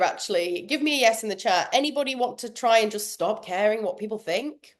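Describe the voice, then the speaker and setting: A woman's voice: a little high, a little fast. Chatty self-mocking woman trainer. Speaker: workshop trainer. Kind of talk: online workshop talk.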